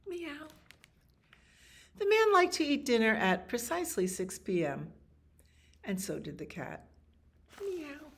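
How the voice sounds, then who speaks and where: A woman librarian reading a picture book aloud to children, expressive, with animal sounds and little asides. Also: mid-range voice, moderate pace, creaky.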